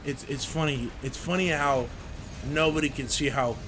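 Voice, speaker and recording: A young man commentating his own gameplay in a casual way, swearing and breaking into sudden yelps and shouts. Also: fairly high pitch, fairly even intonation, normal speed, noisy background. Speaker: gameplay streamer. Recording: loud game music behind the voice.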